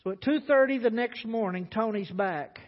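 A man preaching a sermon as a pastor, telling a story in an animated way, acting out voices. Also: high voice, moderate pace. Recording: dull sound with long hall reverb.

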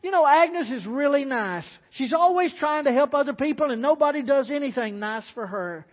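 A man voicing a kindly cook's wife who gushes with warm praise. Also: very high-pitched, lively intonation, moderate pace, pitched above the performer's own voice. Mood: fond. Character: kindly middle-aged diner cook's wife. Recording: dull sound with long hall reverb.

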